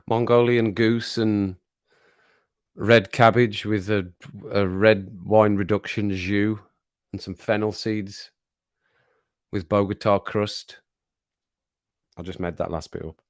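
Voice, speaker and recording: A man's voice: lowish voice, little pitch movement, slow pace, pauses often. Brummie bloke rambling on his stream, cracking jokes and chuckling, middle-aged. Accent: Birmingham. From England. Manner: jokey, rambling, chuckles often. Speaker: livestream host. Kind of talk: casual chat to live chat.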